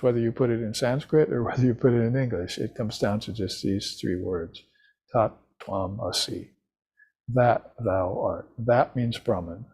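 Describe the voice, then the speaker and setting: A man giving an unhurried, reflective talk on scripture, now and then chanting short mantras. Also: fairly low pitch, a little mellow, breathy edge. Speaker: spiritual teacher. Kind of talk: recorded lecture on scripture.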